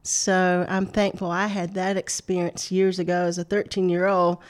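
A woman's voice: fairly low pitch, level tone, normal speed. A middle-aged woman, laughing often as she tells a personal story on a faith talk show. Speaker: guest.

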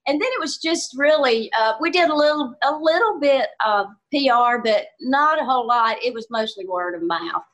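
This is an older woman with a Southern American accent, talking on a video call as a comedian guest. Her voice sits a little high, and she tells folksy stories with frequent laughter in an easy, casual way. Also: lively intonation, moderate pace, few pauses, a bit bright. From Southern US, Georgia. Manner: folksy, laughs often, storytelling. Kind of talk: casual interview chat.

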